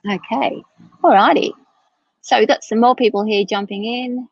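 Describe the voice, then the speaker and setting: A woman's voice: a little high, normal speed, slightly rough, no echo. A tired woman giving a live-streamed tarot reading in a chatty, rambling way, often correcting herself. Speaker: tarot reader. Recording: dull, dry lo-fi stream audio.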